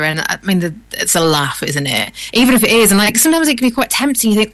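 A woman's voice: mid-range voice, lively intonation, fast, few pauses, fairly bright tone, no room sound. Chatty woman, dry close sound. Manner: chatty and self-deprecating, laughs often. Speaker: voice actor. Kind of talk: casual chat.

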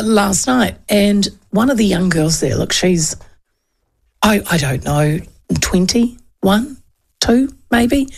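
Chatty New Zealand woman in her fifties with a gravelly voice. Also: lowish voice. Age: 50s. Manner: chatty, digressive, with frequent fillers and laughs. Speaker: talk radio host. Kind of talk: casual political commentary.

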